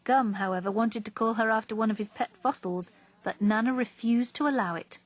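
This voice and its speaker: A woman reading a story aloud in a steady, even narrating voice. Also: a little high, fairly quick, dry recording, low-quality recording. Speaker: reader.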